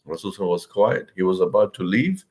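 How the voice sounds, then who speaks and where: Guy with a lowish voice teaching a religious story, chatty, says "you know" a lot. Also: lively intonation, rapid-fire, darkish tone. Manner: conversational, frequent "you know" fillers; acts out quoted speech with big pitch swings.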